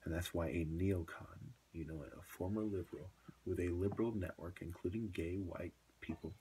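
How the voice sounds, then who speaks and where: A man's voice: low-pitched, moderate pace, noisy background. A man talking straight to camera in a long, rambling monologue, dropping into whispers for asides. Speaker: video blogger.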